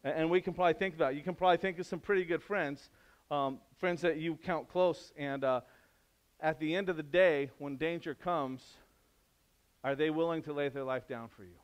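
A man preaching a sermon in a conversational way, climbing to loud, emphatic peaks and dropping to soft, low passages. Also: steady tone, a little fast. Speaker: pastor.

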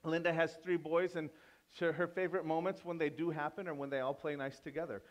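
A pastor giving a sermon in a conversational manner, teasing the congregation and turning emphatic with sudden quiet drops. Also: male voice, fairly high pitch, level tone, a little fast. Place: church.

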